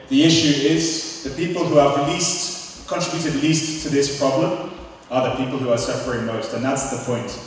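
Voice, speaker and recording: A man chairs a meeting in a measured way with some ums and introduces the next speaker. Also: mid-range voice. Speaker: meeting moderator. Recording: echoey hall, mic far off, faint noise.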